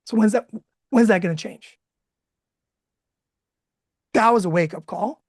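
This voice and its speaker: A man in his thirties telling a candid personal story, emotional and expressive, laughing now and then. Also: high voice, unhurried, no echo, clean studio sound. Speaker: guest speaker.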